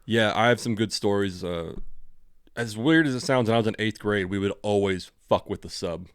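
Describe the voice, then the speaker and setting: A man's voice: on the low side, normal speed, clear, resonant tone, no room sound. Male co-host, General American accent, laid-back and swears freely, dry close recording. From California. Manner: relaxed and profane, loose and rambling. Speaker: podcast co-host. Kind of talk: casual chat.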